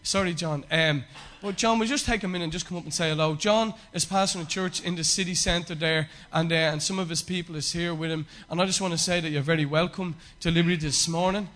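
A man's voice: fairly high pitch, fairly even intonation, fast, few pauses, fairly bright tone. A man, a pastor, preaching a sermon with emphatic repetition and frequent fillers.

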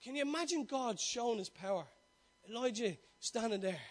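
A man's voice: very high voice, expressive, moderate pace. A male preacher delivering a sermon, full of rhetorical questions, repeated call-and-answer and stumbling restarts.

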